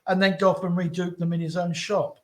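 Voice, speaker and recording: A middle-aged man telling stories in a casual podcast chat, animated and repeating his phrases. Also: sits high, fast. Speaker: guest telling his story. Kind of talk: casual storytelling.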